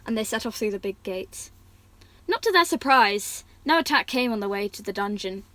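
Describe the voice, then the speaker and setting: A woman's voice: mid-range voice, expressive, moderate pace, bright, forceful tone, no echo, poor audio. A woman reading a fantasy story aloud, restarting words now and then. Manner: reads characters' lines with stronger feeling, slips and restarts words. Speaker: reader.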